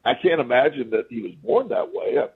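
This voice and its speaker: A man's voice: mid-range voice, fairly quick, husky, phone-quality sound. A man as a podcast guest, telling anecdotes casually and acting out what people said. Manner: animated storyteller who acts out quoted speech.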